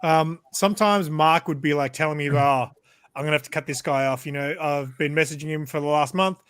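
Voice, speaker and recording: A man's voice: fairly high pitch, fairly even intonation, fairly quick, fairly bright tone, smooth, no echo, clean studio sound. Swearing, rambling man telling stories. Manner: rambling, swears freely, laughs at himself. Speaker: regular in a group hang-out. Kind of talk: casual storytelling chat.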